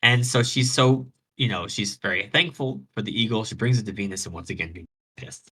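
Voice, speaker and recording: A man's voice: on the low side, fairly quick, sharp tone, husky, low-quality recording. A man hosting a radio show, retelling a myth in a rambling, slangy way with many restarts over online voice chat. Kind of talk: casual storytelling retelling of a myth.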